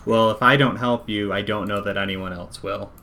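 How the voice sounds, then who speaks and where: A man's voice: on the low side, steady tone, normal speed, pushed and bright. A man voicing a shrewd, wary woman who haggles bluntly over a contract. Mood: impatient.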